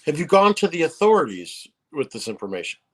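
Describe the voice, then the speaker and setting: A male talk show host with a somewhat high voice questions his guest. He speaks haltingly and often restarts his sentences, filling pauses as he searches for words. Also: big pitch swings. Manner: hesitant, halting with fillers and restarts. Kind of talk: interviewing a guest.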